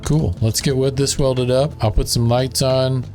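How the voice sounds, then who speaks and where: A man's voice: mid-range voice, steady tone, unhurried, a little mellow, faint music behind. A man with a Southern drawl chatting casually as he plays and narrates a building game, thinking aloud as he works. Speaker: gaming channel host.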